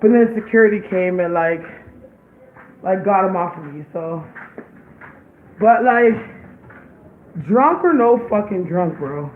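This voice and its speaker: A woman's voice: medium pitch, animated, slow, long pauses, slight background noise. A young woman and parent chatting casually in a home vlog, loose and profane, with lots of "like". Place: home kitchen. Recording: tinny phone-like sound in an echoey room.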